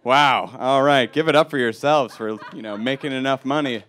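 A young man from Milwaukee doing a stand-up comedy set on a club stage, deadpan and self-mocking, punching up the jokes. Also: mid-range voice, normal speed.

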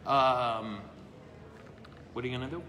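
A man's voice: mid-range voice, steady tone, a little slow, sharp tone, slight background noise. A man, a priest, chatting casually and answering questions live, self-deprecating and laughing often. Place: brewery. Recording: echoey room with long reverb.

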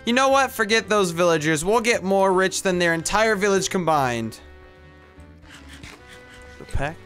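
A man's voice: high-pitched, expressive, a little slow, fairly bright tone, soft background music. A man doing comedic game commentary, complaining in a whiny, exasperated way. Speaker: gameplay skit narrator.

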